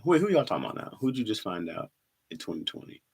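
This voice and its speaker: Animated comedian chatting with his live-stream viewers. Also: on the low side, fast, vocal fry, slightly rough. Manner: animated, laughing, reads comments aloud. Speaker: streamer reading chat. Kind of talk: casual live-stream chat.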